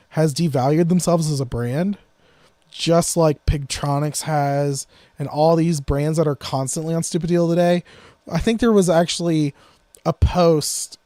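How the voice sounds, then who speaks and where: A man co-hosting a casual gear podcast, rambling through quick asides and frequent restarts. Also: a little high, mellow, no room sound. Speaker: podcast co-host. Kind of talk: casual gear-talk chat.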